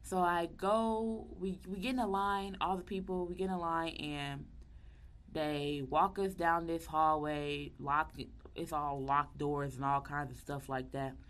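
A young woman tells a personal story in a casual, animated way. Her voice sits low, and she jumps into the voices of the people she quotes. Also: unhurried.

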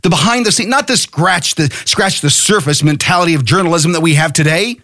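A middle-aged American podcast host launches into a fiery, profane political monologue, rallying listeners to take action. His voice is a little high, a little fast, pushed and bright. The sound is clean studio quality with no room sound.

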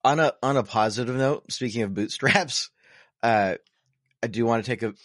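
A podcast co-host chats casually, rambling along with self-deprecating, sarcastic humor. His voice is medium-pitched and a bit bright, at a moderate pace. The recording is clean studio sound with no echo.

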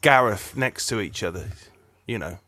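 A man's voice: fairly low pitch, expressive, moderate pace, bright, forceful tone, no room sound, studio quality. A man co-hosting a podcast, chatting about football in a playful, joking way with lots of restarts. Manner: playful, jokey, stumbling restarts. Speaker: podcast co-host. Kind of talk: casual football chat.

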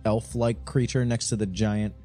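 A man playing a tabletop game, speaking in a halting, hesitant way. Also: fairly low pitch, little pitch movement, warm tone, faint music behind. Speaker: player. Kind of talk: casual tabletop play.

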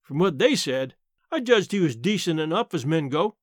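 A man voices a sharp-tongued elderly countrywoman in an audiobook, grumbling and matter-of-fact. Her talk is high-set and swings freely in pitch, with a blunt edge. The recording is dry and close with no room sound. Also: big pitch swings, moderate pace, dry recording. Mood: blunt, sardonic. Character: blunt, plainspoken elderly aunt, woman.

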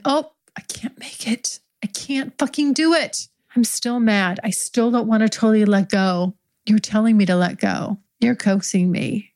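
A young adult woman improvising an intimate story in the second person, speaking close and hushed and slipping into whispers now and then. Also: mid-range voice.

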